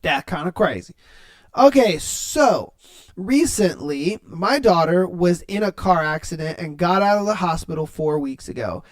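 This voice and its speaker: Male podcast host, high voice, reads posts, then blunt and profane reactions. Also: animated, measured pace. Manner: profane, laughing, blunt slang. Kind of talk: reading and reacting to online posts.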